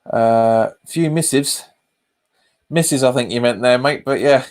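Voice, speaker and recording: A man's voice: mid-range voice, slow pace, darkish tone. A man hosting a live football watch-along stream, chatting casually with viewers and often calling them "mate," recorded on a webcam. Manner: chatty, reacts to live chat comments and the match. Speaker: host of a football fan channel.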